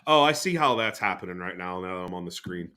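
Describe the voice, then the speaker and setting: A man's voice: sits low, expressive, fast, sharp tone. A man hosting a podcast in loose, rambling casual chat, swearing freely. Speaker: podcast host.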